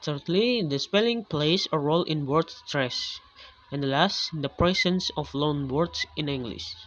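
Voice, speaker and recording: Halting man on a dull, lo-fi recording. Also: fairly high pitch, fairly bright tone. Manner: halting, with restarts. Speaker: student presenter. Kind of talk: class presentation. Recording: dull, lo-fi recording with faint music.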